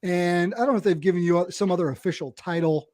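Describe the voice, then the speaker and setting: A man hosting a podcast, chatty and quick to laugh, who introduces his guest in long run-on sentences. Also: high-pitched, darkish tone, no echo, clean studio sound. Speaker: podcast host. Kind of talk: casual podcast chat.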